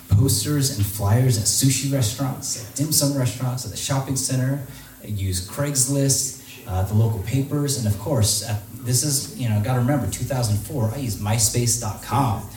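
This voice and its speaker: A man tells a personal story to a live audience in a large hall, animated and slipping into the voices of the people he quotes. He sounds set back from the mic, and the room echoes around him with a little noise underneath. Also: medium pitch, normal speed, recorded from a distance. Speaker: speaker giving a talk.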